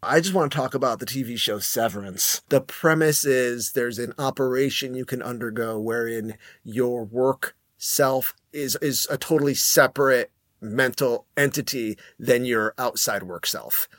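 Middle-aged male guest, casual rambling storyteller, mid pitch, dry close sound. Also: moderate pace, a bit bright, no echo. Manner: rambling, many fillers and restarts. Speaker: podcast guest.

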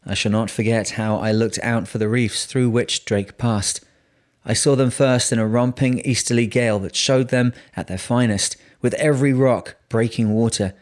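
A man narrating a seafaring memoir in a steady, measured reading voice. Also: medium pitch. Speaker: audiobook narrator.

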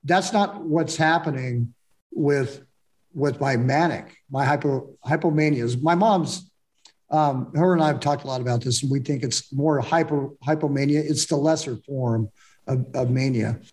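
A man speaking reflectively in a candid, casual conversation, often pausing and restarting. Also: medium pitch, a little mellow.

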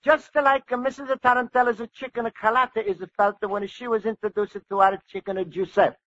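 An earnest, eager young Italian immigrant speaks polite broken English with a thick Italian accent. His voice sits very high and bright, a 1940s radio sitcom figure. The old broadcast sounds dull and dry. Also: fairly even intonation, brisk, no echo. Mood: excited.

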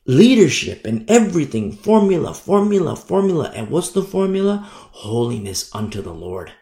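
A man preaching a sermon, emphatic, repeating phrases and letting his voice climb and then drop low. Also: sing-song, normal speed, mellow, echoey room.

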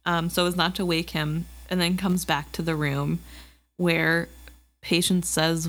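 A woman's voice: fairly low pitch, slow. A woman co-hosting a book discussion podcast, retelling scenes in a chatty, amused way. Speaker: podcast co-host.

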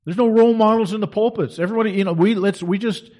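A man's voice: sits high, fast, darkish tone. A middle-aged man delivering an impassioned, preaching monologue as a Christian commentator, emphatic and full of rhetorical questions.

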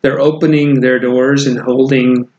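A man's voice: medium pitch, level tone, a little slow, a little mellow, muffled recording. A man co-hosting a podcast, casually reading and retelling a news story, rambling with frequent restarts. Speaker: podcast co-host. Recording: echoey room with faint noise.

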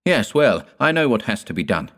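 A man's voice: lowish voice, sing-song, moderate pace, fairly bright tone, voice pushed up. A man voicing a solemn, fearful grown son who speaks urgently, raising his voice above his narration.

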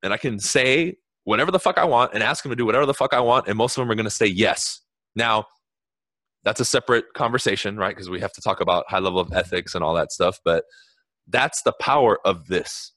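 Man, lowish voice, relaxed slangy talk, dry close sound, podcast. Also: brisk, no room sound. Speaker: podcast co-host. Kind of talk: casual chat.

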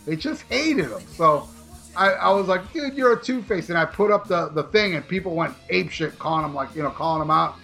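Podcast co-host, man, rambling and profane, bright forceful tone, slightly high voice, faint music behind. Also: a little fast, gravelly. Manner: animated, profane, rambling with restarts. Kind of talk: casual podcast storytelling.

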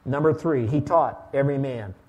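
A pastor preaching a sermon in a church, emphatic, shifting between loud bursts and quiet asides as he leads listeners through a passage. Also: mid-range voice, moderate pace.

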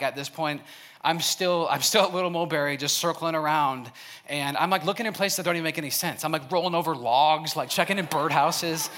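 A man's voice: a little high, a bit bright. A young man from Wisconsin giving a storytelling sermon, chatty and laughing often, with lots of "like". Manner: casual and chatty, laughs often, heavy use of "like". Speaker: youth speaker. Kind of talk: storytelling sermon to a live audience.

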